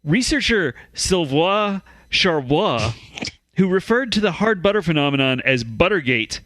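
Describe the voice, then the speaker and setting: Lively man reading news on a podcast. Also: on the high side, measured pace, dry recording. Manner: reads stories aloud with stumbles and laughs. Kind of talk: comedic news podcast chat.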